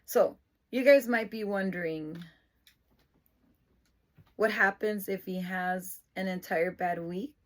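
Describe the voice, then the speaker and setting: A woman's voice: medium pitch, slow pace, long pauses. A middle-aged woman, a mother, explaining her parenting routine in an earnest, emotional, casual vlog way. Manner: emotional, earnest, lapses into excited praise voice. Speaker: mother of an autistic son.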